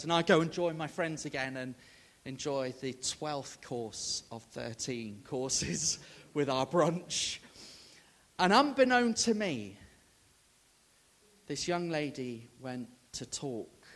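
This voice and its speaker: A man's voice: on the high side, lively intonation, slow pace, a bit bright. A man, a Baptist minister preaching a storytelling sermon and acting out the dialogue as he goes. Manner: rallies the audience to call out answers.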